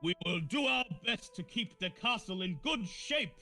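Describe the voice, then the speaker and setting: A man voicing a gruff male ogre who bosses the crew around. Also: sits high, expressive, moderate pace, bright, forceful tone, soft background music, pitched above the performer's own voice. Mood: solemn.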